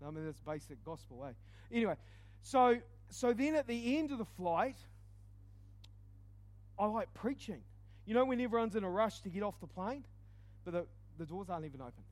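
A man preaching a storytelling sermon, swinging from loud exclaims to hushed asides. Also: high voice, lively intonation, moderate pace, dry recording.

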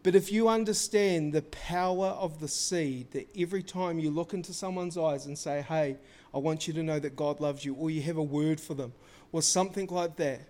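A male preacher with a notably high voice. He preaches casually, tells stories and acts out the lines people said, with plenty of slang thrown in. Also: moderate pace. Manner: lively storytelling, acting out quoted dialogue; casual, slangy talk to the congregation. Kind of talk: sermon.

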